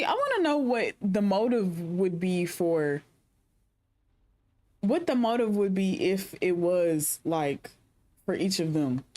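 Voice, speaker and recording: A woman's voice: medium pitch, darkish tone. A young woman streaming a game, reading its narration aloud and adding chatty asides. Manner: chatty, speculative asides between read-out narration. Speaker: gaming streamer. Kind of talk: reading game text and chatting during a playthrough.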